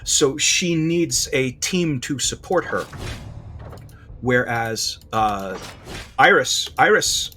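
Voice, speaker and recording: A man giving casual game commentary, animated and thinking aloud, often correcting himself. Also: mid-range voice, takes it slowly, a little hiss or hum. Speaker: gameplay commentator.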